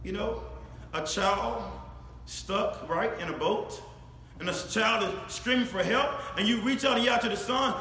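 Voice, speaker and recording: A man preaching a sermon, speaking straight to his congregation, swinging from shouted emphasis to low, quiet asides. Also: measured pace. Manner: animated, addresses congregation directly, rises to shouts then drops low. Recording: echoey hall with faint ambience.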